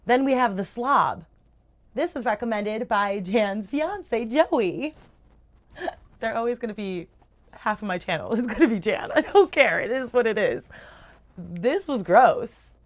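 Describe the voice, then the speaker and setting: A young woman talking casually to camera as a book reviewer, animated and gushing, swearing freely. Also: mid-range voice. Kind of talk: casual chat.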